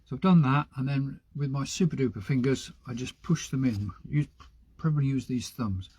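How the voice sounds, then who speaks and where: A man's voice: mid-range voice, moderate pace, mellow, breathy edge. Chatty man potting seeds live. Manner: chatty, rambling, talks to himself while potting. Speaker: gardening channel host. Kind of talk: casual live-stream chat while working. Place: greenhouse.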